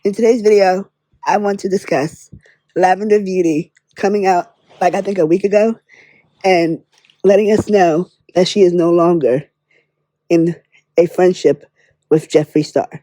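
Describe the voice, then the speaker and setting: A woman's voice: fairly low pitch, fairly even intonation, moderate pace, dark tone, dry recording. A woman giving her candid, blunt opinions in a casual commentary vlog, swearing freely. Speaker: beauty drama commentator.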